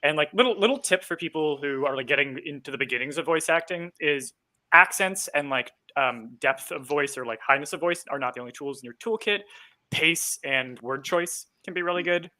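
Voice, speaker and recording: Fast, bright-voiced man chatting casually. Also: fairly high pitch. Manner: rambling, lots of ums and likes, laughs easily. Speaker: host, game master. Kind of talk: casual chat about voice acting.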